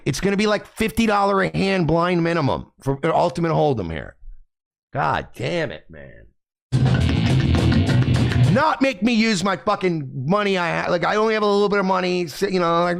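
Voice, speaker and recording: Gravelly, animated male streamer. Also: sits high, normal speed, loud music behind the voice. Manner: profane, ranting, contemptuous. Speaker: streamer host. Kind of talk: livestream commentary.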